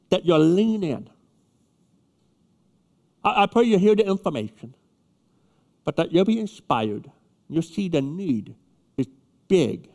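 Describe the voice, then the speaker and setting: A man's voice: sits high, darkish tone. A man preaching a sermon to his church, emphatic and repeating his key words. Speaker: pastor. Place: church sanctuary. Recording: long reverb of a church hall.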